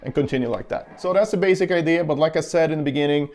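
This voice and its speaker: Talking fast in a fairly high voice with a darkish tone, a guitar teacher explains picking and counts beats aloud as he demonstrates during a casual lesson. Guitar playing fills the gaps between his words.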